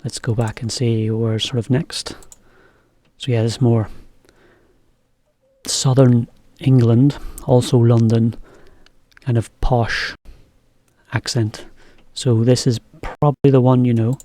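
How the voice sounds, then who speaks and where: Mellow-voiced man teaching English casually. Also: medium pitch, takes it slowly, long pauses, dry recording. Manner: relaxed, chatty, explains as he goes. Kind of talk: casual video lesson.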